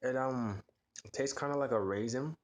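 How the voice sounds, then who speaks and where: A man's voice: mid-range voice, moderate pace. A man casually taste-testing desserts for his vlog, reacting with lots of exclamations and fillers. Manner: relaxed, filler-heavy reactions with frequent exclamations. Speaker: food vlogger.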